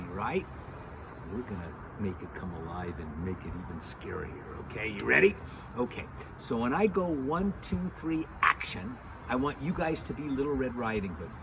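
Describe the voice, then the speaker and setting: A man leads a lesson for preschool children, telling a fairy tale and acting out every gesture as he goes. His pitch leaps and dips with lively range. There is clear noise in the background of the recording. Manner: animated, acts out voices and gestures. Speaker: pre-K teacher. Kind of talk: storytelling lesson for young children.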